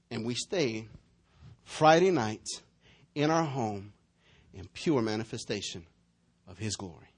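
Man, pastor, sermon, high voice, very lively pitch, loud-to-soft storytelling. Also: slightly rough. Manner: animated storytelling, swinging between shouts and near-whispers.

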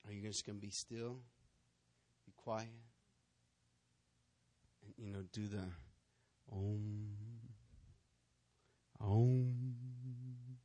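Slightly slow and pausing often, a pastor preaches in a fairly low voice with little pitch movement. He relates stories, acting out their voices and scenes, and questions the congregation.

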